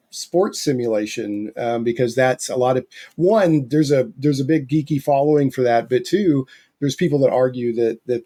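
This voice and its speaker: A man's voice: mid-range voice, mellow. A man hosting his podcast in casual chat, talking in a loose, rambling way with frequent restarts. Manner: chatty, rambling, many restarts. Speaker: podcast host.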